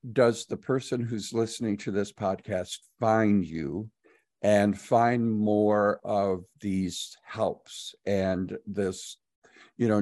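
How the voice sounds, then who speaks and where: A man's voice: on the low side, darkish tone, no room sound, studio quality. A man hosting a podcast, talking reflectively about his own parenting. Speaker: podcast host. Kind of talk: casual podcast conversation.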